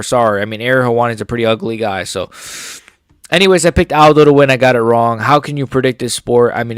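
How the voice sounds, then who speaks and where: A young man giving a profane, heated fight reaction as an MMA YouTuber, often swearing and rising into shouts. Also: medium pitch, dry recording, studio quality.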